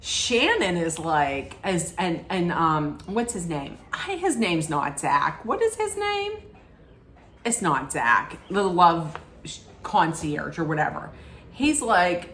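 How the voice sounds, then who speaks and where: A middle-aged woman recapping a reality show in a casual, rambling way, often correcting herself mid-sentence and throwing in animated asides. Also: fairly low pitch, takes it slowly, a little hiss or hum. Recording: echoey room with faint ambience.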